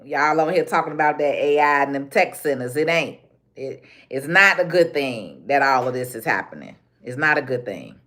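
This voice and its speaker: A woman's voice: rumbling low, lively intonation, moderate pace, a bit bright. A woman with a Chicago accent ranting live into her phone. She talks bluntly, circles back over the same points, and slips easily into street slang. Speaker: livestream host. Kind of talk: casual livestream rant.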